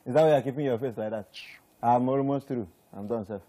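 A man's voice: mid-range voice, fast talker, very noisy, natural voice. A man with a Nigerian English accent playing a blunt, grumbling young driver in a film drama.

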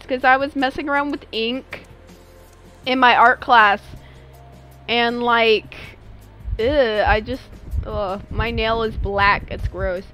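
Young woman streamer, kinda high voice, chill jokey gaming chat, faint game music behind. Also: vocal fry. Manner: animated, joking, talks to chat. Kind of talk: casual gaming livestream chat.

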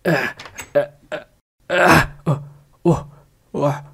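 A man voicing a big bad wolf in an animated cartoon who blusters, then stammers and begs. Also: a little high, drawn-out words, creaky, slightly rough, exaggerated voice. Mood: panicked pleading. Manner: whiny pleading with nervous stammering.

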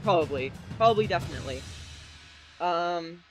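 A man giving excitable live commentary while playing an online game, with a desk microphone. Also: on the high side, poor audio. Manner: excitable, quick reactions and exclamations. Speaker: gamer. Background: faint game music.

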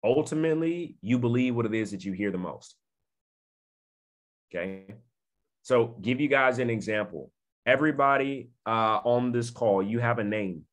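On a video call, a network marketing speaker delivers an emphatic motivational talk, repeating phrases and checking in with his listeners often. His mid-range voice moves at normal speed with lively intonation.

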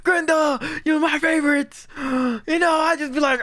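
A man reacting to a cartoon episode, excitable and profane, shouting out his reactions as he watches. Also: very high voice, normal speed, few pauses, dry recording. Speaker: reaction video host. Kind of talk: casual cartoon reaction commentary.

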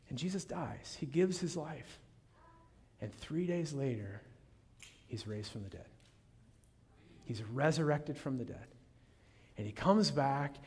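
A male pastor preaching a sermon in a dramatic way, swinging from loud proclamation down to a hushed near-whisper. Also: fairly high pitch. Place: church sanctuary. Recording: long reverb of a large church hall.

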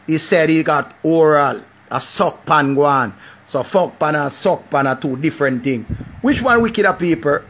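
A man's voice: fairly high pitch, normal speed, a little hiss or hum. A man with a Jamaican accent giving casual, profane commentary. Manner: animated, repetitive, profane. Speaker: vlogger.

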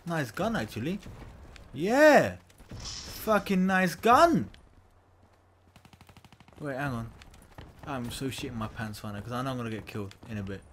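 A man's voice: mid-range voice, expressive, brisk, slight background noise. Young man raging over gameplay. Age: young adult. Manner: ranting, swearing, swings between yelled outbursts and muttering. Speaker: gamer. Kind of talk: gameplay commentary.

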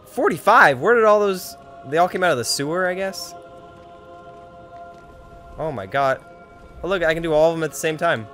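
A man streaming a video game, joking, swearing and excited, a little drunk. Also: on the high side, moderate pace, pauses often, faint music behind. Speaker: gamer streamer. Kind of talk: casual let's-play commentary.

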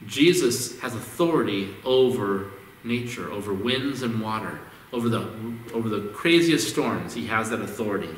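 In a church sanctuary, a male pastor preaches a conversational sermon, often repeating words as he restarts phrases. His voice is on the low side with lively intonation at normal speed. The echoey hall is picked up by a distant mic, with slight background noise.

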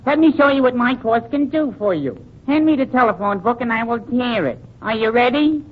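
A man's voice: extremely high pitch, lively intonation, brisk, husky, heavily acted. An actor playing a boastful male strongman in a 1940s radio comedy, showing off his muscle in a bragging way. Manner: bragging, showy. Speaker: comic guest character. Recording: dull lo-fi 1940s radio broadcast.

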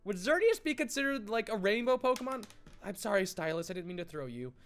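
Lively, high-voiced man giggling and rambling through a video game playthrough. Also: fast talker, soft background music. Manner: giggly, rambling, easily sidetracked. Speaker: gaming channel host. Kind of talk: let's play commentary.

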